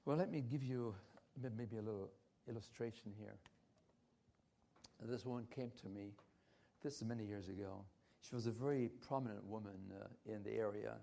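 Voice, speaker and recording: A man's voice: on the low side, moderate pace, creaky, dark tone. An older man giving a church health lecture, emphatic and repetitive, with frequent hesitant restarts. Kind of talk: health talk at a church conference.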